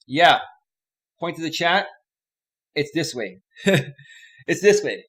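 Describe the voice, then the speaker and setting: A man's voice: fairly high pitch, lively intonation, a little slow, pauses often, fairly bright tone. A man hosting a casual live stream, chatting with viewers in a rambling, upbeat way from a home green-screen setup with a desk microphone. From Northern California. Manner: rambling, chatty, reads viewer comments aloud. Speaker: host.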